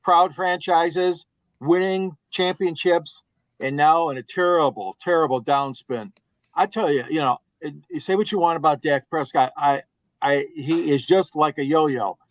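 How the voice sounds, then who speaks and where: A man's voice: a little high, measured pace, dry recording, rough recording. A man on a sports talk panel ranting indignantly about a football team.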